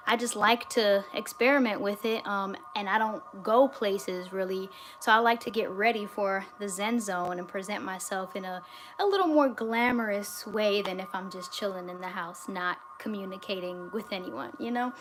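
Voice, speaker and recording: Relaxed woman chatting on a livestream. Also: fairly high pitch, slight background noise. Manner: relaxed, reads viewer comments aloud with fillers. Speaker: livestream host. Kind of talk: casual livestream chat. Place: home in the US state of Georgia.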